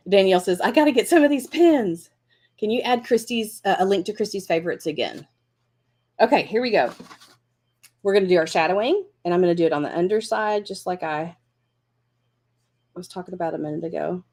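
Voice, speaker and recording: A middle-aged woman teaches a live crafting class, with a slightly low pitch for a woman. She chats warmly with her viewers and thinks aloud as she works. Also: brisk, pauses often. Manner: chatty, encouraging, thinks aloud while working.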